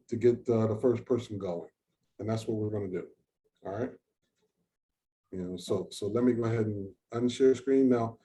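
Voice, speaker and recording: A man moderating an online research session on a video call speaks in a chatty, informal way, often thinking out loud. He has a mid-range voice with a dark tone.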